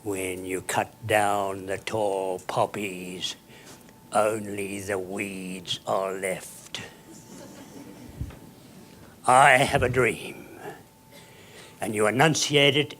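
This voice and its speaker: A man giving a dramatic, emphatic motivational speech to an audience, with sudden soft drops and loud bursts. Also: mid-range voice, slight background noise. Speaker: keynote speaker.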